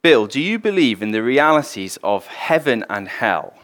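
A man's voice: medium pitch, normal speed. Man doing a probing atheist club leader. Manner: steady, pointed questioning.

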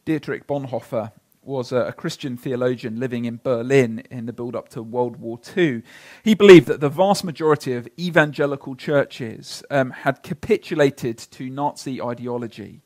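A pastor preaching a sermon, telling stories earnestly and slowing down to read scripture. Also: male voice, medium pitch, a little mellow.

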